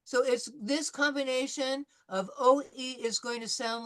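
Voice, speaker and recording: Female language teacher, voice a touch high. Patient and encouraging, models sounds slowly, repeats drills, calls on students. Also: steady tone. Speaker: French teacher. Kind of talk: pronunciation drill in a live class.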